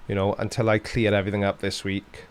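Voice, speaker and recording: A Welsh man with a fairly low voice, chatting casually on a live stream. He answers viewers' questions one after another with a dry, sarcastic wit and laughs often. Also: monotone, fast, slight background noise.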